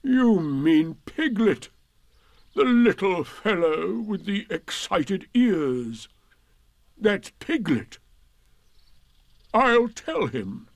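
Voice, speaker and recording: Mournful old donkey, as a male reader puts him on, sarcastic, raised voice, very slow. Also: high-pitched, sing-song, creaky, no echo, pitched above the performer's own voice, full character voice. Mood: gloomy. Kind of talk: storybook reading.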